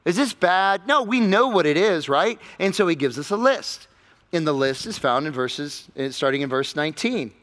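A man preaching a sermon as pastor, emphatic, swinging between loud stressed lines and quiet low ones. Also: animated, normal speed. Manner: emphatic preaching with sudden swings in pitch and loudness. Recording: long hall reverb.

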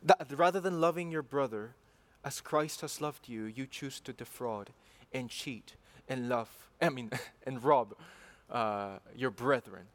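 A man preaching a sermon in an earnest way, repeating phrases and building to emphatic passion. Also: mid-range voice.

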